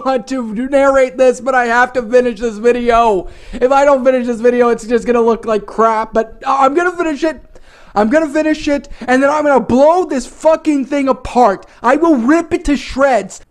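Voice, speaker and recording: A man, the channel's host, ranting and shouting in exasperation about a badly written story, swearing heavily and repeating himself in frustrated bursts. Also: very high voice. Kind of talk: comedic angry rant reacting to a bad story.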